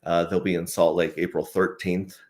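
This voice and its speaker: A man hosting a casual livestream, reading viewer comments aloud in a relaxed way with lots of fillers. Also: deep voice, moderate pace. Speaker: host.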